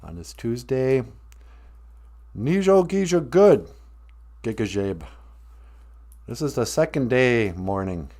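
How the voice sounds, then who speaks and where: A man's voice: mid-range voice, very animated, slow, long pauses, darkish tone. A man hosting a casual live stream, joking, greeting viewers by name and laughing often. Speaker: live stream host teaching Ojibwe.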